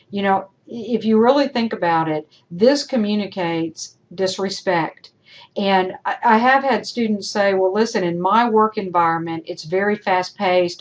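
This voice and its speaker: A woman instructor teaching a screen-recorded tutorial, chatty, asking her students rhetorical questions. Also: medium pitch. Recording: dull lo-fi screencast audio.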